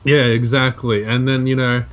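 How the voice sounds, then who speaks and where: A man's voice: medium pitch, level tone, moderate pace. Casual Australian podcast co-host, young man, sarcastic joker, laughs a lot. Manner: joking, sarcastic, laughs often. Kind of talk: casual chat.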